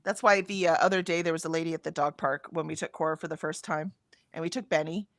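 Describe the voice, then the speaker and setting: A middle-aged woman co-hosting a live stream, chatting casually and telling an animated story full of ums and "right?", acting out the other people's lines as she goes. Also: deep voice, fast talker, no echo, studio quality. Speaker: co-host of a writing sprint stream. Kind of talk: casual chat.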